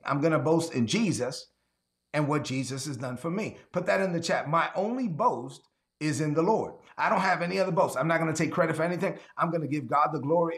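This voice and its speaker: A man's voice: a little high, fairly bright tone. A man preaching an online sermon, repeating key phrases and asking listeners to answer in the chat, sometimes acting out voices he quotes. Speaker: pastor.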